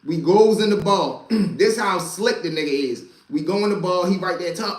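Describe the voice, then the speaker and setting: A high-pitched man talking at normal speed with hardly any pauses tells a rambling, profane street story to a live audience. He's a storyteller and channel host whose loose delivery is full of asides, and the recording has a roomy echo.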